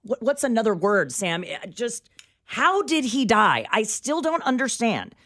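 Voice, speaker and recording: A woman's voice: a little high, very animated, unhurried, fairly bright tone. A woman co-hosting a talk radio show, casually questioning and reading reports aloud into a studio microphone.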